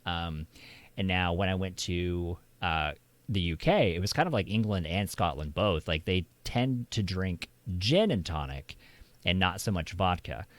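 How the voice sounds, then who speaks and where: A man's voice: low voice, expressive, unhurried, no echo. A man from Oklahoma hosting a stream, chatting casually with many fillers and laughs. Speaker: streamer host. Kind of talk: casual chat.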